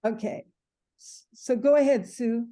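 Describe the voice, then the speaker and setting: A woman teaching a writing class over a video call, casual and halting as she leads the discussion. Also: fairly high pitch, mellow.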